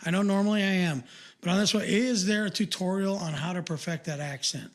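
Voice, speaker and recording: A man's voice: sits high, fairly quick. An older man co-hosting a podcast, chatting casually and rambling with lots of fillers and restarts. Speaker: podcast co-host.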